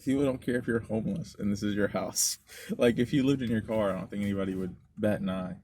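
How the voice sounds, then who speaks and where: A man's voice: on the low side, fairly even intonation, fast talker, darkish tone. A man in casual car chat as a podcast co-host, laid-back and teasing, often laughing. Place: inside a car.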